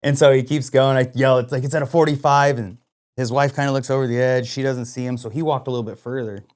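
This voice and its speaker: Casual male podcast co-host, lively storyteller who acts out what people said. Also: medium pitch, fast. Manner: animated storyteller, lots of "like" and quoted dialogue. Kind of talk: casual hunting story chat.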